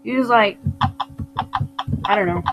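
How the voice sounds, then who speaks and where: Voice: medium pitch, unhurried. A woman giving casual, playful commentary over a video game, scolding her character as she plays. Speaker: gamer commenting on play. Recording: noisy home recording.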